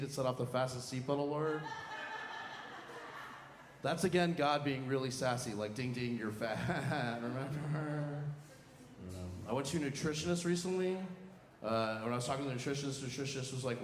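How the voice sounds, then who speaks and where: Campy man doing stand-up in an echoey club. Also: a little fast. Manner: campy, sassy punchlines with high squealing voices for quoted lines. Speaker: stand-up comedian. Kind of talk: stand-up comedy set. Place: comedy club stage. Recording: echoey club with audience noise. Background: audience laughter.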